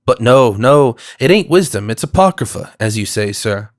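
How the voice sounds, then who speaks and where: A man voicing a glib, smooth-talking cosmopolitan who speaks in an effusive, rhetorical way. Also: medium pitch, animated, normal speed, close to an everyday voice. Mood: earnest.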